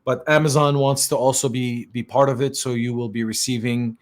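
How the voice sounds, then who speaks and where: A man's voice: mid-range voice, fairly even intonation, brisk. Chatty Lebanese-born man hosting a podcast. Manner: chatty and easygoing, many fillers and restarts. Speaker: podcast host and tech consultant. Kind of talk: casual podcast chat.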